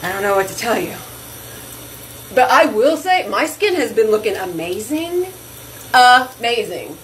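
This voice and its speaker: A woman hosts a casual vlog from the bathroom sink at home, chatting effusively to her viewers on camera and saying "y'all." Her voice is fairly high and very animated at a moderate pace, and the rough recording has a little hiss or hum.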